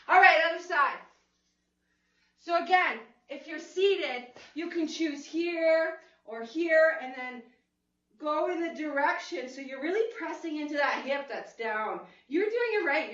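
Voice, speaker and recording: A woman's voice: sits high, a bit bright. A woman leading a chair-friendly exercise class, upbeat, playful and encouraging, cheering her class on. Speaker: fitness instructor. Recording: echoey room, mic at a distance, dull lo-fi sound.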